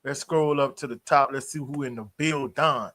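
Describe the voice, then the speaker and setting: A man's voice: medium pitch, fairly even intonation, normal speed, sharp tone. Laid-back slangy man hosting live sports talk. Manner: laid-back, slangy, greets chat members. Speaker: sports livestream host.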